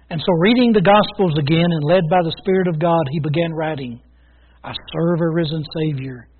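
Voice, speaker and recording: A man preaching a folksy, emphatic sermon, swinging between loud declarations and quiet asides. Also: sits high, vocal fry, slightly rough. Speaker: pastor. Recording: tinny phone-like sound.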